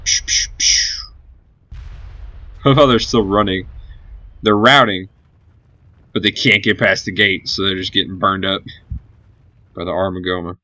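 A man's voice: sits low, fairly even intonation, a little slow, long pauses, bright, forceful tone, no echo. A man giving live gameplay commentary as a gaming channel host, cheering on his units and swearing casually.

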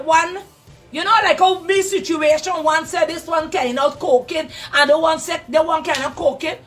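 Fiery Guyanese woman, very high voice. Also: fairly bright tone, far from the mic. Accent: Guyanese Creole. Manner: fiery, cursing, emotional. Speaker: social media commentator. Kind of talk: heated live rant.

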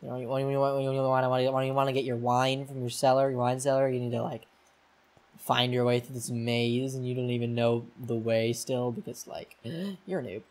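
A man's voice: medium pitch, monotone, brisk, darkish tone. A young man playing a horror game and giving rambling, self-mocking casual commentary into a desk mic. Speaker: gaming YouTuber.

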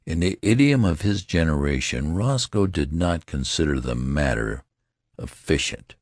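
A man reading an audiobook aloud in a lively, expressive way. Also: very deep voice, gravelly, no room sound, studio quality. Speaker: audiobook narrator. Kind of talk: scripted audiobook narration.

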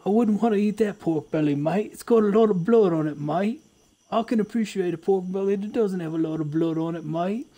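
A man's voice: sits high, a little fast, warm tone, pitched above the performer's own voice. A man doing a hammy mock Australian accent as a cheerful bloke who keeps saying mate. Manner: hammy, joking impression. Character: exaggerated Aussie bloke, cheerful, says mate a lot.

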